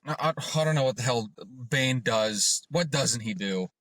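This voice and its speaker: A man co-hosting a casual podcast, talking in an excitable, rambling way with many restarts. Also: medium pitch, measured pace, no room sound. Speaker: podcast co-host.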